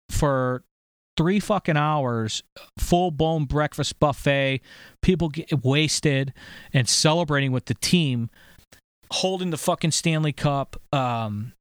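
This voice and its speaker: A man's voice: a little high, slow, clear, resonant tone, no room sound. Guy in his 30s telling a long swear-heavy story on his podcast, keeps restarting, dry close mic. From St. Louis, USA. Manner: profane, rambling, emphatic with frequent restarts. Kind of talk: casual storytelling chat.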